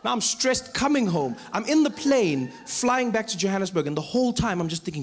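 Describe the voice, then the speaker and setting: A man with a South African accent, performing animated stand-up storytelling and switching between voices. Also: sits high, fast, few pauses, a little hiss or hum. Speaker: stand-up comedian. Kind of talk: stand-up comedy. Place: live comedy venue.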